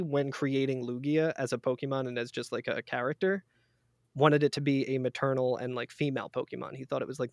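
A man's voice: medium pitch, dry recording, studio quality. A man chatting as a guest on a casual podcast, rambling through a story with lots of fillers and restarts.

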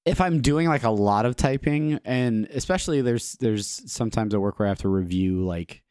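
A man's voice: medium pitch, moderate pace, darkish tone, smooth, no room sound, clean studio sound. A man chatting casually, rambling with lots of fillers and laughs. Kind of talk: casual chat.

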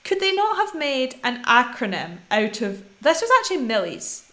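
A woman's voice: high-pitched, sing-song, normal speed, sharp tone, slight background noise. A woman co-hosting a film podcast in a casual, rambling chat. She laughs often and trails off mid-thought. The sound is echoey and roomy. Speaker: podcast co-host. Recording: echoey room.

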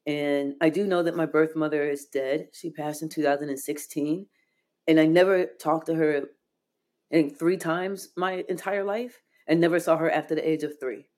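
A woman as an interview guest, telling a deeply personal story in an earnest, heartfelt way, with frequent "like" fillers. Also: steady tone, moderate pace, a little mellow. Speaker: podcast guest.

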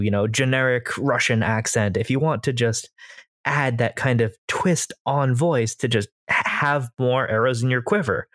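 A man's voice: medium pitch, no room sound, clean studio sound. An American man co-hosting a podcast as a game master, casually explaining voice tips at length. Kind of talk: casual chat.

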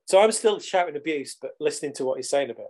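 A man's voice: fairly high pitch, expressive, fast talker, darkish tone. A middle-aged man, telling a story animatedly as a podcast guest, with casual swearing. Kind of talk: storytelling in conversation.

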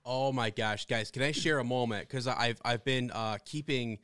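A man co-hosting a podcast, telling stories with excited, animated energy and frequent restarts. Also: medium pitch, moderate pace, smooth, no echo, studio quality. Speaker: podcast co-host. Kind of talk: casual fan discussion.

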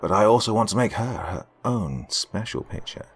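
Man playing a smug mysterious carnival artist, low, measured, unhurried. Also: lively intonation, husky. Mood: calm.

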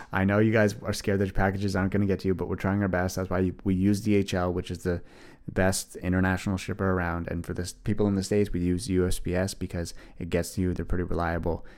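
Young guy doing his solo podcast, deep voice, earnest and a bit rambly. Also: flat delivery, brisk, darkish tone. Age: 20s. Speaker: podcast host. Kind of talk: casual solo podcast monologue.

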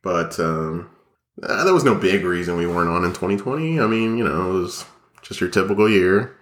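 A man's voice: low-pitched, expressive, brisk, a bit bright, echoey room. A young man co-hosting a casual podcast, sounding nasal from a cold, rambling and joking with lots of fillers. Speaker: podcast co-host. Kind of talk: casual chat. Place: small home studio, echoey.

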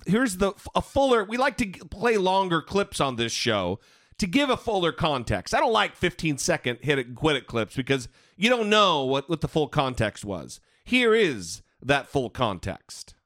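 A man's voice: fairly high pitch, sing-song, moderate pace, a bit bright, no echo, clean studio sound. A man hosting a political podcast, ranting with blunt profanity. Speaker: podcast host. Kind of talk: political commentary chat.

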